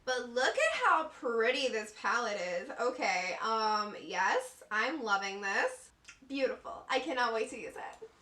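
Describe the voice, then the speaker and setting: A woman's voice: fairly high pitch, expressive, measured pace, sharp tone, recorded from a distance. A young woman beauty vlogger gushing through a makeup unboxing. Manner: gushing, effusive, giggly. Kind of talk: excited unboxing vlog. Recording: echoey room, a bit off-mic.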